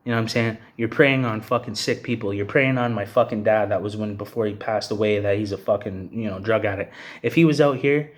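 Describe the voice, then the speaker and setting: A man's voice: lowish voice, brisk. An angry young man from Canada, ranting bluntly and profanely to the camera and tossing in "bro" and "you know what I'm saying". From Hamilton, Ontario, Canada. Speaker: vlogger. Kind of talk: angry personal rant to camera.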